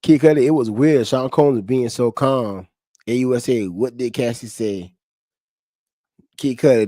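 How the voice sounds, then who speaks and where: A man streaming to his chat, reading court testimony in a flat voice and then breaking into slangy, profane, laughing commentary. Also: medium pitch, normal speed, dry recording, clean studio sound. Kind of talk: casual livestream commentary.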